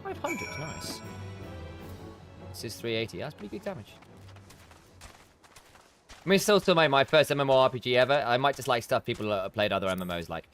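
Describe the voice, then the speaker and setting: A man's voice: medium pitch, animated, racing, few pauses, fairly bright tone, clean tone, soft background music. A man streaming a game, chatting in a rambling, self-interrupting way as he plays and reads. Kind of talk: let's play commentary.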